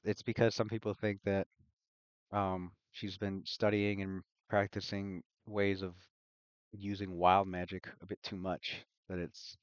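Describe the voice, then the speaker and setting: A man narrating as game master of a tabletop game on a livestream, talking in a halting way with frequent restarts. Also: lowish voice, smooth, no echo, dull audio. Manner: halting, full of fillers and restarts.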